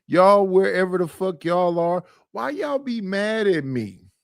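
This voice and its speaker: Guy ranting on his stream at home, aave, kinda high voice, dry mic, exasperated and cussing. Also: lively intonation, unhurried, creaky, no room sound. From Oakland, California. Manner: exasperated, rhetorical, profane. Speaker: livestream host. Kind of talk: casual livestream rant. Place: his living room.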